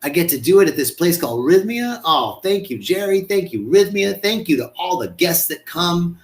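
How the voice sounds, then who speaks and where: A man's voice: high-pitched, big pitch swings, moderate pace. A man hosting a live stream in a casual, effusive way, greeting viewers by name and often stumbling over and repeating words.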